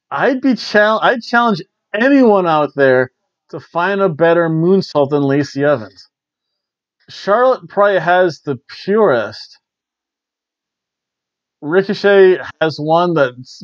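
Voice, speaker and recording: A man with a somewhat high voice hosts a wrestling review show, chatting casually and rambling with wry asides. He's on a cheap, worn lapel mic, so the audio is dull, though there's no echo.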